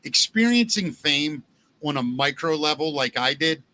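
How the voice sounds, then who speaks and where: A middle-aged man hosting a casual podcast chat, telling stories in an animated way, acting out quotes and swearing freely. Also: fairly high pitch, moderate pace. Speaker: podcast host.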